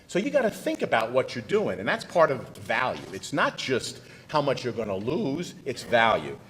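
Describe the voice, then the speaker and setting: Lively, punchy middle-aged male lawyer. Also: mid-range voice, a little hiss or hum, poor audio. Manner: folksy, punchy, talks straight to the audience. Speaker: trial lawyer presenting at a legal seminar. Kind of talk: conference presentation.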